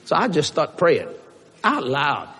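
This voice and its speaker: A man preaching a lively church sermon, joking and breaking into shouted bursts, with a husky voice. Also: a little high, unhurried. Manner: animated, shouting in bursts, joking, acting out quotes. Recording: long reverb of a church hall.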